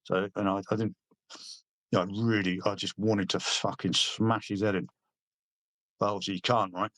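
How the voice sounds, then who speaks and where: Man, middle-aged, from Britain, low voice, dry sound, blunt, sweary, halting. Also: little pitch movement, a bit bright, dry recording. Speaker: army veteran guest. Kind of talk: casual interview storytelling.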